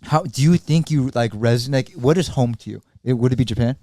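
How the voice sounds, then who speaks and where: Slangy, laid-back male host with a mellow, darker voice recorded dry and close. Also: mid-range voice, quick pace, no room sound. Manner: laid-back, slangy, filler-heavy questions. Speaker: podcast host. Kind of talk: casual interview.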